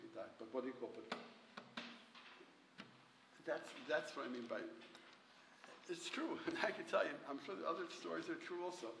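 Gravelly older man telling rambling stories. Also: mid-range voice. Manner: rambling, halting, full of restarts. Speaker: storyteller. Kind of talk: telling anecdotes to a small group. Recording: echoey, distant, noisy room.

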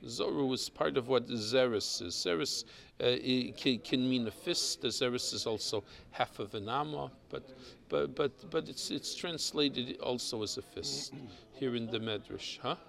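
A man with a teaches a Torah class, moving slowly through each verse. His voice has a gravelly, creaky texture, and he often stops to repeat a word while he thinks. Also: medium pitch, a bit bright. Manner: explains Hebrew text, mixes Hebrew and English terms.

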